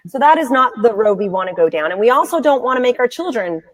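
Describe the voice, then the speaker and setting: Woman host, higher register, dry sound, emphatic and repetitive, chatty live-stream energy. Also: very animated, fast talker, dry recording. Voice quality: bright, emphatic, repeats words for stress. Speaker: host, blogger. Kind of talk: casual live-stream chat.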